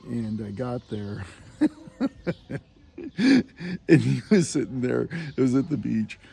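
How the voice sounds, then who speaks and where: Gravelly, mellow man rambling through a story. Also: medium pitch, expressive, takes it slowly. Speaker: pilgrim vlogger. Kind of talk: casual spoken meditation vlog. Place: on a walking pilgrimage route.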